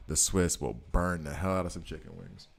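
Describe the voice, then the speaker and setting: A man's voice: sits low, fairly even intonation, a little fast, creaky, husky. A man in his thirties streaming a mobile game, chatting casually and joking with his chat. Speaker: gaming streamer. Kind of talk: casual live-stream commentary.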